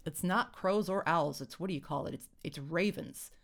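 A woman voicing a slow-witted young man who halts and gropes for words. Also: low voice, gravelly. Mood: groping. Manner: halting, groping for words.

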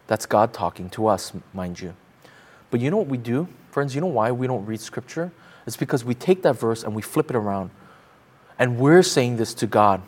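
A man's voice: medium pitch, animated, moderate pace. A man preaching a sermon as pastor, emphatic, repeating phrases and asking the congregation pointed rhetorical questions.

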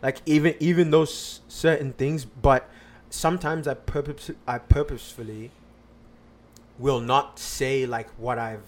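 A man's voice: medium pitch, fairly even intonation, a little slow. A man on a podcast casually telling a personal story, rambling with lots of fillers and restarts.

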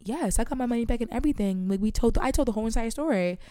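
Animated young woman, dry close sound. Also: a little high, rapid-fire, no echo. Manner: animated, acts out voices, gets loud when retelling arguments. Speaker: podcast co-host. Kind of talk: casual storytelling chat.

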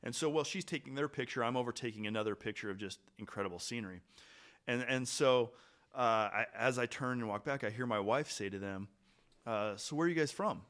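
A man hosting a podcast, telling a hiking story in a relaxed, chatty way with pauses and restarts. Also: medium pitch. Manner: animated, trailing pauses and restarts. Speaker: podcast host. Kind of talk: casual storytelling chat.

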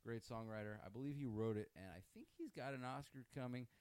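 A man on a comedy podcast making a mock-grandiose pitch, talking like a hype man. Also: quick pace, darkish tone, clean tone, dry recording. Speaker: podcast guest correspondent. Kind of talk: casual comedic chat.

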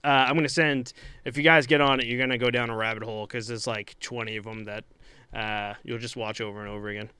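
A young man co-hosting a podcast in casual chat, animated, laughing and swearing often. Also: medium pitch, fast talker, smooth, no room sound. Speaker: podcast co-host.

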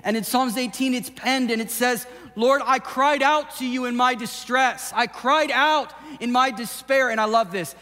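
Preaching pastor in a reverberant hall. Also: male voice, very high voice, moderate pace, hardly any pauses. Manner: builds to impassioned shouting, then drops to a hushed intimate tone. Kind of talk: sermon. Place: church sanctuary. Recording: long hall reverb with soft music behind.

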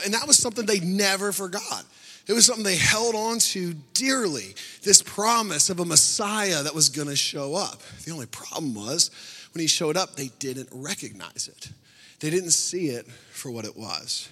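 A man delivers a sermon in a fairly high, bright and forceful voice. He tells stories with animated energy and laughs often. His voice rings out with the long reverb of a large church hall. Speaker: pastor.

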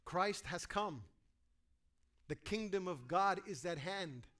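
A man preaching a sermon to a congregation, animated, acting out quoted voices and asking his listeners questions. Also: sits high, slow. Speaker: pastor.

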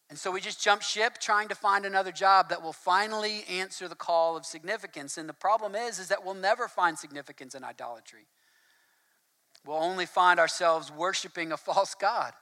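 A man preaching a sermon in a conversational, casual way, mixing scripture reading with relaxed asides. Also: high voice.

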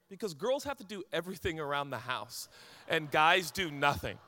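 Pastor, man in his forties, preaching with candid, chatty stories; bright, slightly high voice carrying through a reverberant hall. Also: sing-song, moderate pace. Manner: candid, conversational storytelling. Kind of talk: sermon. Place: large hall with congregation.

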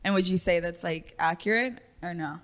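A woman's voice: on the low side, normal speed, a bit bright. A young woman co-hosting a podcast in casual chat, talkative and giggly, with lots of fillers. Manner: chatty, giggly, filler-heavy. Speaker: podcast co-host.

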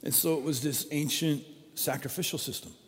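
A man's voice: fairly high pitch, brisk. A man preaching a sermon in an emphatic way, repeating his key phrases. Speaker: pastor. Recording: long hall reverb.

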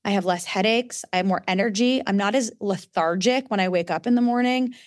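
A woman's voice: mid-range voice, brisk, no echo, clean studio sound. Chatty woman host reading an ad. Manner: earnest, chatty. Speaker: podcast co-host. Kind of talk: host-read ad.

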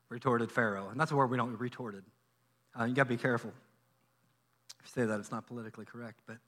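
A male pastor preaching a sermon in a church, telling a Bible story in a lively way and acting out the characters' lines. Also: medium pitch, fairly quick, long pauses. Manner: animated storytelling, acts out biblical dialogue. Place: church sanctuary.

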